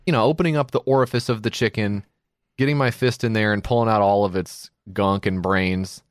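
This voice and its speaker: A man's voice: fairly low pitch, steady tone, fairly quick, clean tone, no echo, clean studio sound. A middle-aged man co-hosting a podcast, rambling through stories and acting out quoted voices in casual chat. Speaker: podcast co-host.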